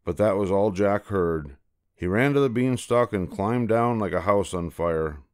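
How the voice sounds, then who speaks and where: An older man reading a children's fairy tale aloud in a slow, gentle storytelling manner. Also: on the low side, animated, clean tone, no room sound, clean studio sound.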